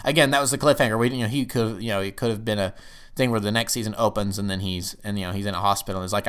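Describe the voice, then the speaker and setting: A man reviewing a TV episode in casual talk. He rambles and sometimes jumps up excitedly. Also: lowish voice, very fast, smooth.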